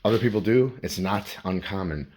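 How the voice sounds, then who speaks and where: A man's voice: deep voice, normal speed, darkish tone. A man vlogging as he walks around his home, rambling and swearing as he talks to himself in the second person. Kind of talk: rambling self-talk vlog. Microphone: handheld phone.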